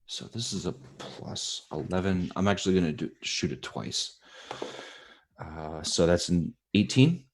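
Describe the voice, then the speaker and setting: A man's voice: low-pitched, animated, a little slow. A man playing a tabletop game, talking in an easygoing, slightly hesitant way as he reads out his rolls. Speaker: player. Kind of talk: casual tabletop game play.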